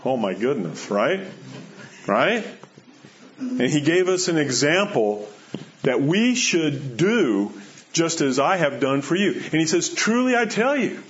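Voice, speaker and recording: Male preacher, slightly high voice, earnest and repetitive delivery, dull lo-fi recording. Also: very animated, takes it slowly, a little hiss or hum. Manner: earnest, repeats key phrases, rises and drops in pitch for emphasis. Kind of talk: sermon. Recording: dull lo-fi sound.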